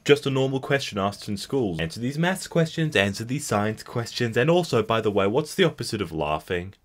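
A young man hosting comedy commentary, sarcastically reading and mocking bad memes with loud outbursts and put-on voices. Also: mid-range voice, very animated, fairly quick.

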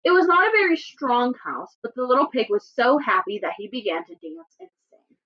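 A woman teacher with a fairly high, very lively voice, reading a story and chatting through a lesson. She often asks her listeners to follow along. The audio sounds a little dull and lo-fi. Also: brisk. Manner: animated, checks in with listeners often. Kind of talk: classroom lesson and read-aloud.

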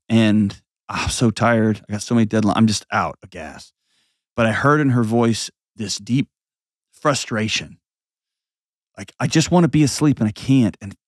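A man's voice: on the low side, no echo, clean studio sound. A man hosting an advice show, talking bluntly and animatedly, slipping into mocking voices. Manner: blunt, animated, mimics voices mid-sentence. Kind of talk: casual advice talk.

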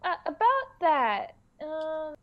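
Awkward young mouse adventurer, high and slow, over muffled lo-fi call audio, voiced by a woman. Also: very animated, full character voice. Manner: awkward, hesitant.

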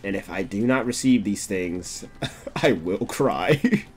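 A young man streaming a game, chatting casually, swearing often and breaking into laughter and excited outbursts. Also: fairly low pitch, slow pace, faint music behind. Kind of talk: casual gameplay commentary.

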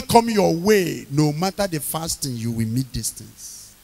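A man preaching an evening sermon, emphatic, repeating key phrases, questioning the congregation and bursting into loud shouted lines. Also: on the high side, very animated, measured pace, vocal fry.

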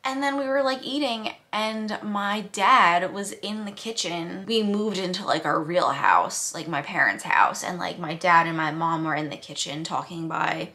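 A young woman chats to her camera at home in a loose, rambling vlog style, filling her sentences with "like." Her voice sits a little low but has a bright, clear edge. Now and then she drops to a soft whisper. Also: measured pace, few pauses. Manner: chatty, says "like" often, drops to a whisper at times. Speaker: vlogger. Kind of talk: casual vlog chat.

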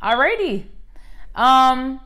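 A young woman, a hairstylist telling a slangy, animated storytime in her vlog. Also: high-pitched, extremely slow, a little hiss or hum. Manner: animated, slangy, acts out the other people's lines. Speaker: hairstylist vlogger.

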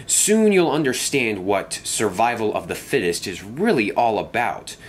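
A man's voice: on the low side, big pitch swings, a little slow, a little hiss or hum. A man voicing a smug, menacing male diesel engine who talks in a sneering, theatrical way.

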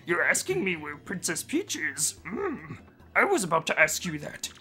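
A man voicing a fussy old male toad steward with a put-on British accent, speaking slowly and humming between lines. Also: fairly high pitch, wildly swooping pitch, sharp tone, heavily acted. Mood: puzzled. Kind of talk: casual game voice-over.

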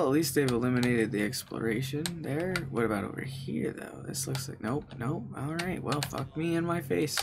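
A man's voice: medium pitch, background noise. A man giving casual, crude and joking commentary while playing a video game. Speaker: let's play commentator.

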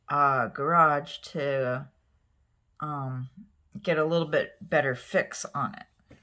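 Low-voiced and casual, a female nail art vlogger does her nails while telling a wandering story peppered with fillers, sometimes lowering to a soft near-whisper as she concentrates.

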